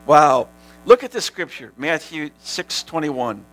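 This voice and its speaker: A man preaching a sermon as pastor, animated, sometimes shouting, and laughing with his congregation. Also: a little high, measured pace, low-quality recording.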